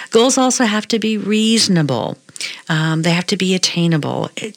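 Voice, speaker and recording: A woman's voice: on the low side, dry recording. A middle-aged woman hosting a health talk show as a hypnotherapist, upbeat and coaching as she explains things step by step. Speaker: radio show host, hypnotherapist.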